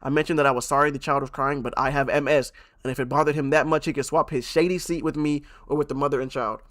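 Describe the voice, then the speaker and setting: A man's voice: a little high, fairly even intonation, fast talker, fairly bright tone. A male streamer who reads posts aloud on a live stream and reacts bluntly, swearing freely and repeating himself for effect.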